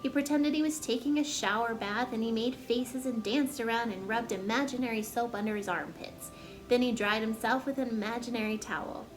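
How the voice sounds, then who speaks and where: Woman storyteller, gentle expressive read-aloud, fairly high voice, soft music in the background. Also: fairly quick. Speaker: storyteller reading a children's book. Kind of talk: reading a chapter book aloud.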